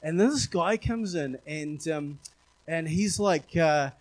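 A man's voice: fairly high pitch, slow pace. A man from New Zealand with a New Zealand accent, a pastor telling a candid, rambling personal story in a sermon, full of fillers and restarts. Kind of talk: sermon anecdote.

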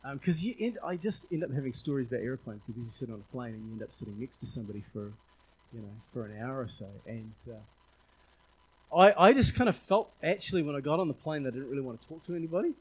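A man's voice: medium pitch, lively intonation, fast, husky. A man from New Zealand with a New Zealand accent, a pastor telling a candid, rambling personal story in a sermon, full of fillers and restarts. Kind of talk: sermon anecdote.

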